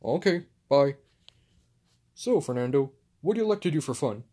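A man voicing a calm, patient superhero, talking hesitantly with many fillers in home toy play-acting. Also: mid-range voice, normal speed, slight background noise, close to an everyday voice.

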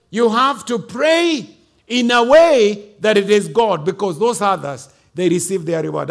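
Man, Kenyan accent, bishop preaching, high voice, emphatic sermon delivery. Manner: emphatic preaching, mixing in Swahili and Kikuyu asides.

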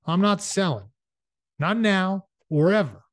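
A man's voice: high voice, sing-song, measured pace, pitched above the performer's own voice. Man putting on a furious young homesteader. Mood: stubborn. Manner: shouting, defiant.

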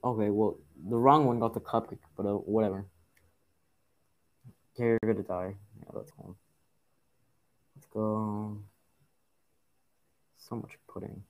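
A man with a fairly low voice talks over his gameplay, muttering and complaining whenever things go wrong. His commentary stays casual as he curses at the game and urges his characters along. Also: steady tone, unhurried, long pauses. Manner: frustrated, grumbling, swearing at the game. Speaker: gaming YouTuber.

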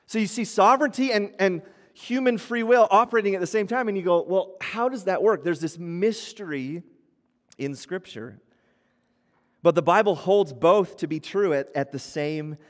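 Youngish pastor guy preaching casual-like, slightly high voice, big echoey church hall. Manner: conversational preaching with acted-out quotes. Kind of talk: sermon. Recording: long church hall reverb.

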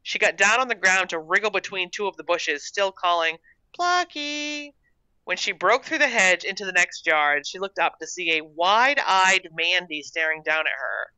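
An author reading their own short story aloud in a steady storytelling manner. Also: medium pitch, normal speed, hardly any pauses, dry recording. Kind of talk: storybook narration.

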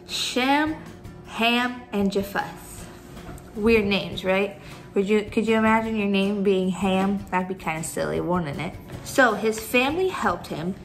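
A woman's voice: fairly high pitch, a bit bright, rough recording. Upbeat woman teaching kids a Bible story. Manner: chatty, upbeat, talks straight to the kids. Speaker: children's church teacher.

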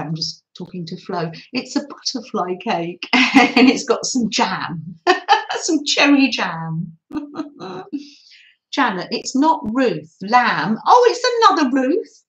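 Older woman, craft live-stream host; soft, slow, chatty, echoey room. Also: medium pitch. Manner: soft, chatty, often laughing and apologising. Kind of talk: gentle live-stream chat with viewers.

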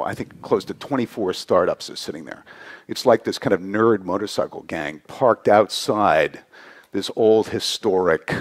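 A man giving a conversational conference talk, often ending points with a quick "right?". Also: fairly low pitch. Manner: conversational, frequent "right?" tags. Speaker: conference speaker. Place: conference hall.

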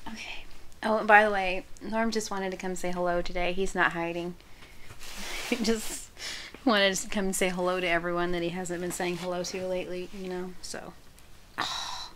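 A woman hosting a crochet channel, chatting casually and gushing softly as she opens mail, sometimes dropping to a whisper. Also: mid-range voice, a little slow, pauses often, slight background noise. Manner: gushing, soft-spoken, often drops to a whisper. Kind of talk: casual unboxing chat.

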